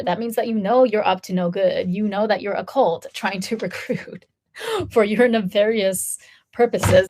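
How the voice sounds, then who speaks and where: A woman in her thirties telling a story to her viewers in a chatty, casual way, full of "like" and acted-out quotes. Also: mid-range voice. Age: 30s. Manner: chatty, lots of "like", acts out quoted voices. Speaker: vlogger.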